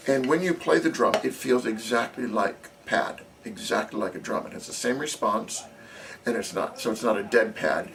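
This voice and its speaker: A man's voice: medium pitch, fairly bright tone. A man teaching snare drum technique as a drumline instructor, explaining methodically and counting beats aloud. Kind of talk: instructional demonstration. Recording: distant camera audio with faint noise.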